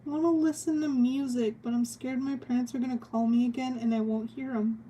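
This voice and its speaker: A woman's voice: fairly high pitch, steady tone, fairly quick, mellow, a little hiss or hum. A young woman streaming as she draws, chatting casually with a giggly, rambling manner. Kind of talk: casual chat while drawing on stream.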